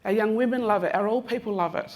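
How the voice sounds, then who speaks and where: A woman's voice: medium pitch, quick pace, a little mellow. Chatty Australian woman in her fifties. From Western Australia. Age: 50s. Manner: chatty and teasing, addresses people in the room directly, many "um"s. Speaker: conference speaker giving an Acknowledgement of Country. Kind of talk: casual, joking talk to a live audience. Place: large conference room, walking among the audience.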